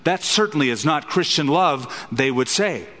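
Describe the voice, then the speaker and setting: A man's voice: fairly high pitch, animated, normal speed, pushed and bright, in a large hall. A man preaching an expository sermon as a pastor, emphatic and fond of rhetorical questions.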